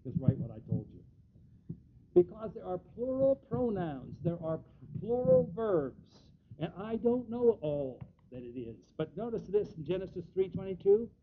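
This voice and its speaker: A man preaching a Bible teaching sermon. He reads scripture slowly, leans on key words and often restarts his sentences. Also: sing-song. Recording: dull lo-fi recording with faint rumble.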